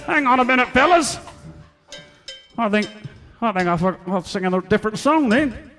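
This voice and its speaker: A man's voice: very high-pitched, expressive, normal speed, bright, forceful tone, full character voice. A man doing a stage impression of a crude, half-drunk middle-aged Australian bloke who brags and croons a song, with a leering, blokey manner. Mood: crooning, bawdy. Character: crude boozy middle-aged Aussie bloke, bragging lounge singer. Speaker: comedy impressionist. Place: live stage venue. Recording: echoey hall with band music.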